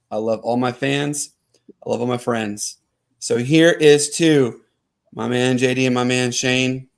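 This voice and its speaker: A man hosting a casual sports podcast, talking in a heartfelt, halting way with many fillers. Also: medium pitch, creaky. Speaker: podcast host.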